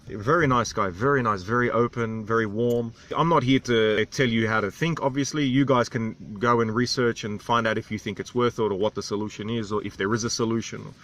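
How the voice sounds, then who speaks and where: A man's voice: lowish voice, fairly even intonation, a little fast, hardly any pauses, fairly bright tone. An Australian man in his thirties, telling stories in a rambling, candid vlog. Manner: rambling, candid, self-deprecating. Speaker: vlogger. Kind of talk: casual vlog storytelling.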